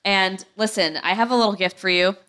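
A woman's voice: mid-range voice, fairly quick, fairly bright tone. A woman hosting a podcast, chatting in a brash, joking way and swearing freely. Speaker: podcast host. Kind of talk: casual podcast chat.

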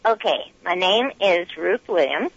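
A woman's voice: fairly low pitch, lively intonation, a little slow, vocal fry, breathy edge, no room sound. A woman from New York State calling in to a radio show, giggly. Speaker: caller. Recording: muffled phone line.

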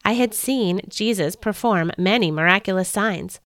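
A woman hosting a podcast, reading a first-person story in an earnest, expressive way. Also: medium pitch, normal speed, smooth. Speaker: podcast host.

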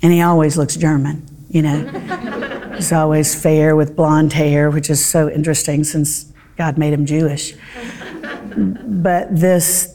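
A middle-aged woman teaches a Bible study, telling her story with earnest, heartfelt pauses and fillers. Her voice sits low, with a gravelly fry and a dark, mellow tone.

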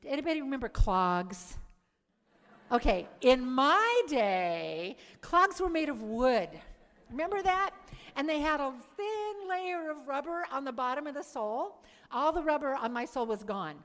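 High-voiced woman telling her testimony in a hall. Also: moderate pace. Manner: animated storytelling, acts out her own past lines; asks the audience questions. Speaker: speaker giving a conversion testimony. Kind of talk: live testimony talk to an audience. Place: church or meeting hall. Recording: long hall reverb.

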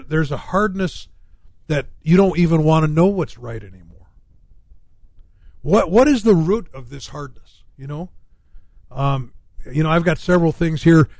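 A man's voice: fairly high pitch, a little mellow, no room sound. A middle-aged male pastor preaching on a radio talk show, rambling with many fillers and restarts.

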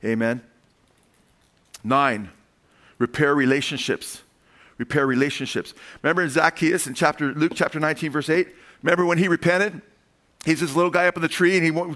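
A man preaching a sermon as pastor, animated, calling "amen?" to the congregation and acting out voices as he tells stories. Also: fairly high pitch, a little fast. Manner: acts out quoted voices in storytelling.

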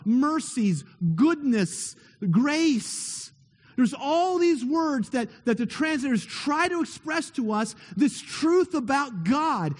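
High-voiced, unhurried preacher in reverberant hall. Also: male voice. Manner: earnest, emphatic, builds with repeated phrases and rhetorical questions. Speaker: pastor. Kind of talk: sermon. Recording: long reverb of a large hall.

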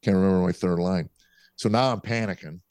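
This middle-aged comedian from a small town south of Chicago, USA, is a podcast guest telling anecdotes as a lively storyteller who acts out the voices. His low-pitched voice is smooth and fairly quick. There's no echo.

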